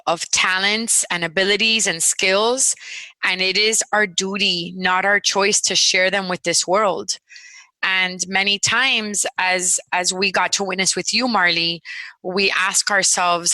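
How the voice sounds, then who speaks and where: A woman's voice: mid-range voice, sharp tone, no echo, low-quality recording. A woman guest speaker talking earnestly in a motivational way about sharing one's gifts. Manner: earnest, preachy, laughs easily. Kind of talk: motivational interview talk.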